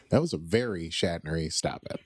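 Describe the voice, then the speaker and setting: A man co-hosting a casual movie watchalong, relaxed and playful, with short reactions and jokes. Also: sits low, a little hiss or hum. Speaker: podcast co-host.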